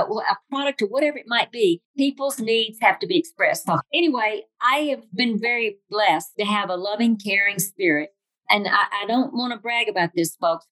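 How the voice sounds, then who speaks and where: Telling story after story, a Southern-accented older woman from Tennessee delivers a humorous, folksy motivational speech with animated flair. Her voice is medium-pitched, and the rough recording has no echo.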